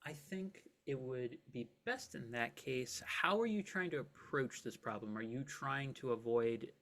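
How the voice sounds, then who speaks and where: A man's voice: mid-range voice, lively intonation, measured pace, fairly bright tone. A man narrating a tabletop game as game master, describing scenes casually and vividly with many filler words.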